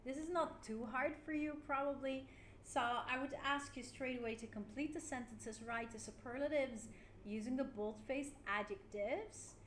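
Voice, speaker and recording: A woman teaching an English lesson online, clear and encouraging, with frequent "yeah" fillers. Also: high voice, normal speed, a bit bright. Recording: roomy with faint noise.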